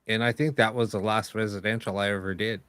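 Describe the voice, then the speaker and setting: A man's voice: on the low side, fairly even intonation, fast talker, fairly bright tone, clear, resonant tone, no echo, clean studio sound. Man rambling through a casual story. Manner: rambling, with many fillers and quoted dialogue. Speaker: host of a live paranormal show.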